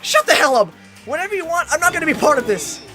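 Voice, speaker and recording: A man doing a bratty, shouting teenage girl. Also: extremely high pitch, big pitch swings, fast, loud music behind the voice. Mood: defiant. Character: brash defiant teenage girl.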